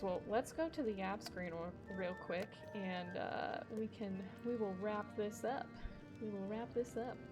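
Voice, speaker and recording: A young woman streamer chatting casually while she plays, rambling, swearing freely and laughing often. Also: mid-range voice. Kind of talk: casual gaming stream chat. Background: background music.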